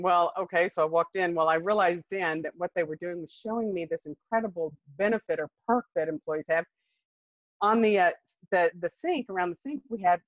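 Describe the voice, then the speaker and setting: A woman telling her story to a group in a folksy, animated way. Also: mid-range voice, no room sound. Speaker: sales director sharing her story. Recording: dull, muffled dry recording.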